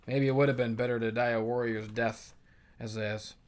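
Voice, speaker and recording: A man's voice: mid-range voice, level tone, moderate pace, close to an everyday voice. A man voicing a crude, stubborn male barbarian warrior in a profane way. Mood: resigned. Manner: profane and defiant.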